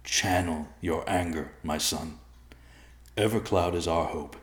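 A man voicing a wounded old male bear who speaks slowly and calmly as a stern father. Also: low voice, echoey room. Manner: slow, calm, commanding.

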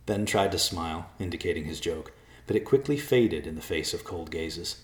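A man narrating a storybook in a calm, measured way. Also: low-pitched. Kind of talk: storybook reading. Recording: echoey room.

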